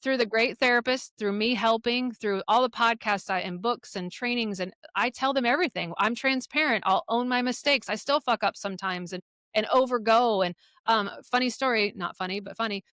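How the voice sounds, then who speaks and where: A middle-aged woman speaking as a podcast guest, telling her own parenting stories candidly, with blunt language and lively acted-out quotes. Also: a little high, a little fast, dry recording, studio quality. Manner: frank, profane, animated retelling of quotes. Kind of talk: candid conversational storytelling.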